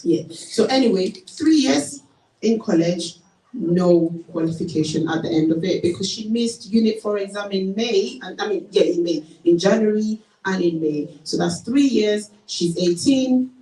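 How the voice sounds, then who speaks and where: A woman's voice: medium pitch, normal speed. Nigerian woman telling stories in an echoey hall. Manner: animated storyteller, acts out parents' voices. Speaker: college tutor speaking at a parenting seminar. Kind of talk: seminar talk with anecdotes. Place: church hall. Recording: echoey hall, mic from a distance.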